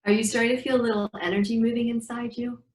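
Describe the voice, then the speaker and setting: Brief: middle-aged woman breathwork teacher, lively storyteller, recorded in a reverberant room. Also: a little high, quick pace. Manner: animated storyteller acting out dialogue. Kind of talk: guiding breathing exercises in an interview. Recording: echoey room.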